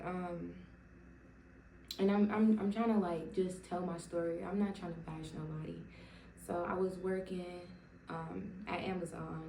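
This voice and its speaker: Gravelly-voiced young woman sharing her testimony. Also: lowish voice, dark tone, distant mic, slight background noise. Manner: emotional and rambling, many 'like' fillers and restarts. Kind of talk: personal testimony told casually to camera. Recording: roomy sound from away from the mic.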